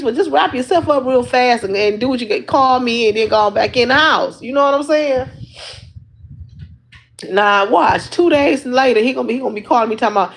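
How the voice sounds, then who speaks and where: A woman's voice: high-pitched, normal speed, poor audio. Rambling chatty woman livestreaming. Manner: rambling, chatty, laughs often. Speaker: livestream host. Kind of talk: casual chat to viewers.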